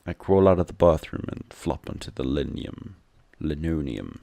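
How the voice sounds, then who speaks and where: A man reads a visual novel aloud and breaks off into wry, joking asides. His voice is low with a gravelly fry. He sits close to the mic in a dry room. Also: expressive, moderate pace, dark tone, no room sound. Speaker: gameplay commentator.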